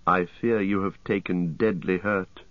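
A man's voice: deep voice, steady tone, unhurried, dry recording, dull audio. A man voicing a grieving male elf archer, speaking in an earnest, solemn way. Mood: sorrowful.

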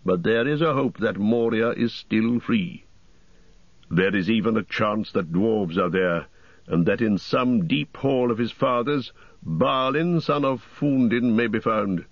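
A man voicing a grave, commanding old wizard in a slow, solemn, measured way. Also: mid-range voice, no echo, lo-fi sound.

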